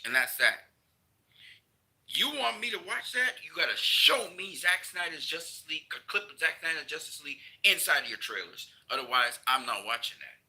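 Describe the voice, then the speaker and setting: A man's voice: a little high, expressive, normal speed, bright, forceful tone, poor audio. A man ranting in a casual video commentary, heated and emphatic, repeating his points. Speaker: vlogger.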